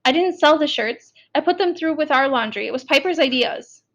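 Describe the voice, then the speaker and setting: A woman's voice: sits high, lively intonation, a little fast, fairly bright tone, dull audio, pitched above the performer's own voice. A woman doing a nervous, defensive schoolgirl.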